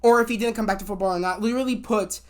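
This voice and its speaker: Rambling, excitable woman reviewer. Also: mid-range voice, racing. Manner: rambling, many fillers and restarts, swears when annoyed; excitable, acts out quotes. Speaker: TV show reviewer. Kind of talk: casual spoiler review rant.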